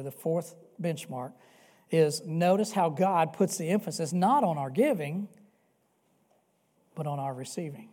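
A male pastor delivering a sermon earnestly, swinging between loud emphatic peaks and soft hushed passages and repeating key phrases for emphasis. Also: fairly high pitch.

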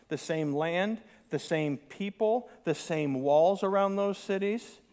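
A man's voice: high voice, darkish tone. A man preaching a sermon, reading scripture aloud and adding sarcastic asides, mocking the complainers in a dramatic voice. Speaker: pastor.

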